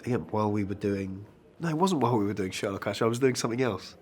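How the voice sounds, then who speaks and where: A man's voice: lowish voice, animated, rapid-fire, darkish tone. An actor answering interview questions about his work in a thoughtful, conversational way, with dry self-deprecating asides.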